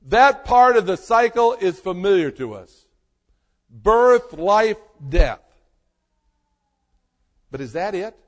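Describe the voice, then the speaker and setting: A man preaching a sermon as a pastor, slow and emphatic, with dramatic pauses. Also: high voice, lively intonation. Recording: long reverb of a hall.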